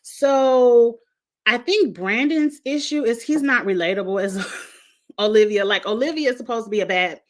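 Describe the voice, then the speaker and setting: A woman's voice: a little high, normal speed. Chatty woman giving frank opinions. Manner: chatty and frank, talks straight to the contestants. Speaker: reality show reviewer, host. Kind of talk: casual opinionated recap.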